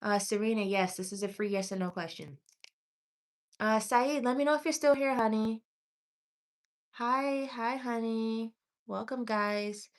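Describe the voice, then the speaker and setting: A woman's voice: on the high side, steady tone. A woman doing tarot readings on a livestream, reading chat aloud and calling viewers honey and sweetie. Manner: chatty and affectionate, calls viewers honey and sweetie; reads chat aloud while scrolling, with pauses and restarts.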